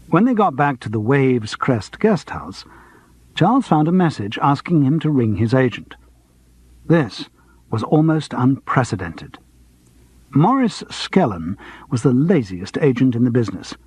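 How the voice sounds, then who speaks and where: A husky-voiced man narrates an audiobook in a lively, animated way, his pitch rising and falling freely. The recording is close and dry, with no room sound. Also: no echo. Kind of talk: scripted narration.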